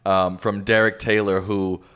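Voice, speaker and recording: A man hosting a casual livestream, relaxed and reading viewer questions aloud to his guest. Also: on the low side, unhurried, clean tone. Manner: casual, relaxed, with frequent fillers.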